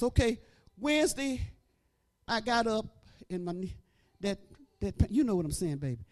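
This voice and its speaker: A middle-aged woman preacher giving an animated testimony, breaking into praise and shouting at the peaks. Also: high-pitched. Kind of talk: testimony sermon.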